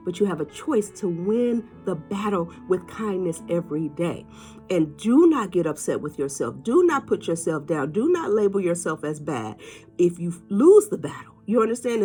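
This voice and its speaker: Lively woman preaching kindness. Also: breathy edge. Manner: animated, jumps high in pitch when quoting people, laughs often; preachy, repeats phrases, talks to listeners as y'all. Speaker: motivational speaker. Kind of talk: casual inspirational monologue.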